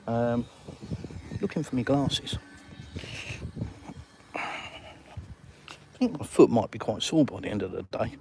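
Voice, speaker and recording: A man's voice: medium pitch, expressive, slow pace, long pauses, warm tone. A middle-aged English man with an English accent, chatting casually on a live stream from his house and answering viewers' comments. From England. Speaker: livestream host. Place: at home in a house. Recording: clear background noise with clicks.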